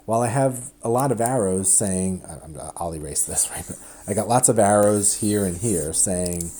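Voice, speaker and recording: A man giving a recorded math lecture at a board, chatty and animated, often breaking off and restarting his sentences. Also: lowish voice, moderate pace. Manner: chatty, self-interrupting, animated explanations.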